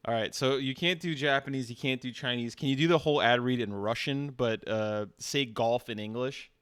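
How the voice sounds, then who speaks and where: A man streaming, teasing an AI in casual banter, deadpan and stammering. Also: medium pitch, normal speed, smooth.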